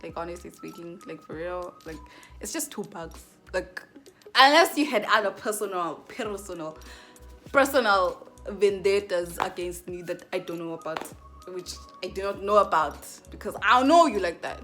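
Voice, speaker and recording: A woman's voice: lowish voice, expressive, normal speed, bright, forceful tone, soft background music. A young woman from Southern Africa telling a rambling storytime in casual slang, with lots of "like". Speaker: vlogger.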